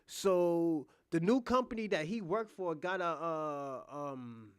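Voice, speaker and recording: A man with a fairly high voice retells a drama's plot in a loose, rambling way. He swears freely and stumbles through restarts. The sound is dry and close. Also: slow pace, clean tone, no echo. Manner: rambling, profane, lots of "yo" and restarts, acting out quoted lines. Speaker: podcast host.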